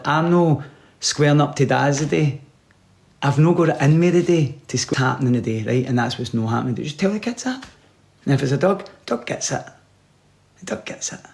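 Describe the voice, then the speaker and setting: A man giving rambling, deadpan comic advice, sometimes dropping to a whisper. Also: mid-range voice, gravelly. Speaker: comedian. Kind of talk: comic monologue.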